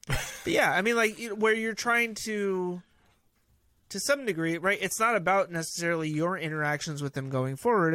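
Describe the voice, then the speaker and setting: Man, 30s, podcast co-host, casual chat, easygoing, slightly high voice, dry close mic. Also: fairly bright tone, dry recording. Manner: easygoing, reflective, acts out quotes from his kid.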